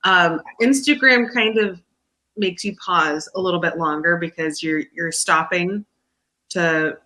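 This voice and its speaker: A woman's voice: on the low side, unhurried, bright, forceful tone. A woman guest who reads tarot, chatting and explaining at length. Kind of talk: casual chat.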